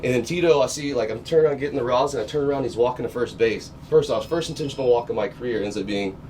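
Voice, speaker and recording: A man, a guest in a casual chat, telling a story animatedly, swearing and getting loud at the punchlines. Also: medium pitch, very fast. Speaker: guest, pitcher. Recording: far from mic with faint noise.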